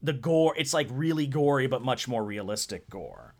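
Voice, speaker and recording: Excitable man chatting about movies. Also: medium pitch. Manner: animated, fast, repeats words when excited. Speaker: podcast co-host. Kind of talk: casual movie discussion.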